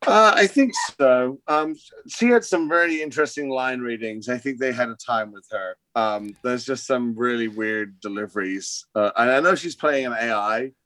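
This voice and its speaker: Male podcast guest, hesitant and halting, mid pitch; dry recording. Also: pushed and bright, dry recording. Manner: hesitant, lots of ums and uhs. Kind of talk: casual chat.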